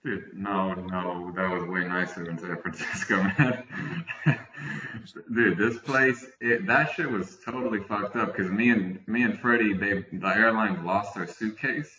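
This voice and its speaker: A man casually swapping profane travel stories with his friends, telling them in an animated way. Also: fairly low pitch, a little slow, echoey room, distant mic, muffled recording. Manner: animated, profane anecdote-teller. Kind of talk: casual storytelling.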